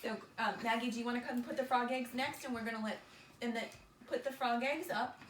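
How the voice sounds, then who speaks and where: A woman teaching young children, her voice fairly high and upbeat as she encourages them and calls them friends. She sounds set back from the microphone in an echoey room. A steady background noise runs under her voice. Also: fairly quick. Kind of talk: teaching a small-group lesson. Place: indoor room with children nearby. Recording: roomy, distant, noisy.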